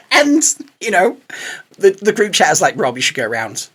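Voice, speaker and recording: A man co-hosting a podcast, telling an excited anecdote, acting out what people said and laughing often. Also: high-pitched, normal speed, husky. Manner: animated, acts out quoted voices, laughs often. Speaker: podcast co-host.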